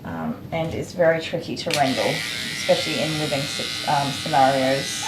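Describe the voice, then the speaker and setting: A woman's voice: low voice, fairly even intonation, normal speed. Australian woman chatting in an echoey salon. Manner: soothing a restless dog between chatty stories, soft and coaxing. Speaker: dog groomer. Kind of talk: casual chat while grooming on a livestream. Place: grooming salon. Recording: echoey room with clear background noise.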